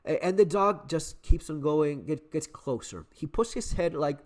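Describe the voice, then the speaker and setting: A middle-aged man recounts a story in a relaxed, swearing monologue. His voice rides fairly high and swings widely in pitch as he stumbles through restarts and repeated words. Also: normal speed. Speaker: survival channel host.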